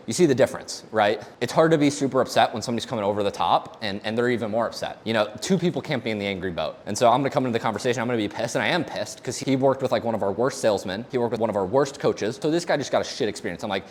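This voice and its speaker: A young man talks fast and bluntly in a casual vlog, his voice at a mid pitch. He sounds energetic and swears freely while recording at his home gym. He speaks as the owner of a coaching business. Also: slight background noise.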